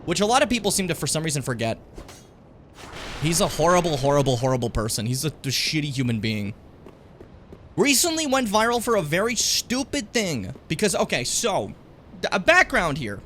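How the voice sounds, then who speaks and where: Lively young man streaming a game. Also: a little high, moderate pace, slight background noise. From Edmonton, Canada. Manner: rambling, joking, swears a lot. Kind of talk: casual gameplay commentary.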